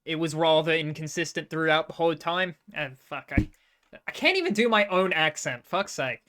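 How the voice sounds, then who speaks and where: A woman's voice: low-pitched, animated, moderate pace, fairly bright tone. A young Australian woman giving casual, chatty live-stream commentary, swearing freely and making self-mocking asides. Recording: game music in background.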